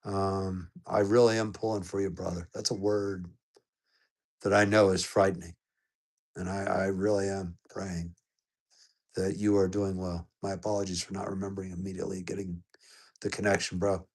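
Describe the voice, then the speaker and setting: A man's voice: flat delivery, normal speed. Man chatting with his live-stream viewers. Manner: upbeat greetings that jump high in pitch, softer and lower when serious. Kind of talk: casual live-stream chat greeting viewers.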